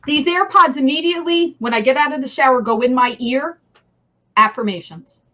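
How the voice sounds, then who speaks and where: A woman with a New Jersey accent, a guest in a casual interview over a video call, enthusiastic and quick to laugh. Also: high-pitched, bright, forceful tone, highs cut off.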